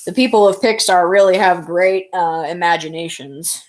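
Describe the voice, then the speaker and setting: Rambling woman streamer with a lowish voice. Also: moderate pace, a little hiss or hum. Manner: rambling, chatty, answers viewers' chat. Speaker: live streamer. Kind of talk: casual live stream chat.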